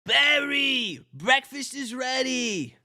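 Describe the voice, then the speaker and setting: A man's voice: very high-pitched, animated, slow pace, vocal fry, pushed and bright, pitched above the performer's own voice, heavily acted. A man voicing a nagging middle-aged bee mother in a raised, fussy tone.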